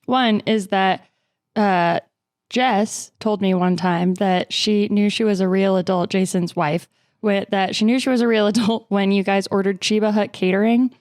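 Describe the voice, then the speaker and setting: A woman's voice: medium pitch, steady tone, normal speed, a little mellow, dry recording, studio quality. A woman chatting casually on a tabletop game podcast, rambling with lots of likes and uhs. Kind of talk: casual chat.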